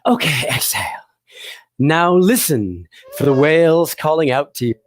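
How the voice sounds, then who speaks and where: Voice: mid-range voice, lively intonation, moderate pace. A performer presenting an educational show for children, playful and encouraging, often laughing and asking the audience questions. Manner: addresses the audience directly with questions.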